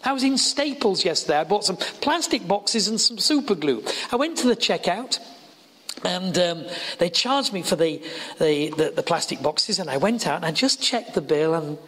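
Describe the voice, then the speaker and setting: A man's voice: high voice, animated, moderate pace, fairly bright tone. A middle-aged man with a northern English accent preaching a sermon as an evangelist, telling stories earnestly and building to emphatic peaks. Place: college chapel. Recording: reverberant hall.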